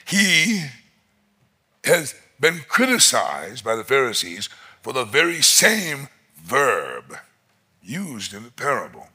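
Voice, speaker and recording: Slow, husky-voiced preaching man. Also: mid-range voice. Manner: expressive preaching, rising to loud emphatic peaks. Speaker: pastor. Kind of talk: sermon.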